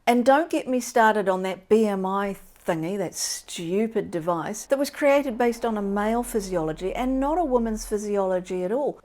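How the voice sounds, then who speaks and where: A woman's voice: mid-range voice, a little mellow. A woman in her fifties, hosting a casual book discussion in a frank, wry and blunt way, swearing freely. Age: 50s. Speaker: book show host.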